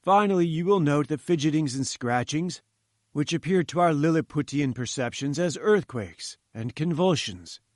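A man's voice: a little high, expressive, normal speed, darkish tone, no room sound, clean studio sound, natural voice. A man reading an audiobook, voicing a pompous older professor who talks down to his listener. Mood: patronizing. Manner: condescending, lecturing.

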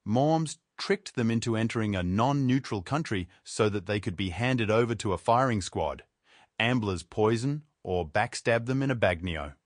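A man reading a literary essay aloud in a measured, wry way. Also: fairly low pitch, lively intonation, no room sound, clean studio sound. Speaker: essay reader.

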